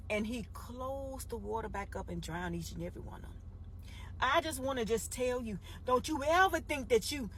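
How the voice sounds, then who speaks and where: A woman's voice: on the high side, slightly rough. A woman minister preaching a Bible story, emphatic and repetitive, often calling her listeners "baby".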